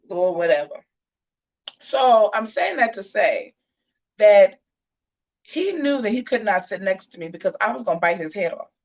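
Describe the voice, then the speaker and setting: A woman hosts a laid-back live chat with her viewers. Her voice sits at an ordinary middle pitch. She tells stories in a sassy, animated way and talks straight to her audience. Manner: sassy, animated storytelling, addresses viewers as y'all. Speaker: host of a live gossip and commentary show.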